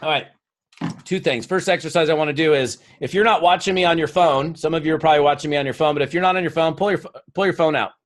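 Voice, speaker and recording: A man delivers a live seminar, urging his audience into action with energy and a coaxing tone. His voice sits a little on the high side, and he slips into quick acted quotes while he tells his stories. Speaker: motivational speaker.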